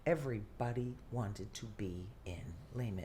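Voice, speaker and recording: Very deep-voiced older actress storyteller. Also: female voice, normal speed, a little hiss or hum. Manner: animated, theatrical storyteller who acts out quotes. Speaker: guest actress. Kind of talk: casual interview storytelling.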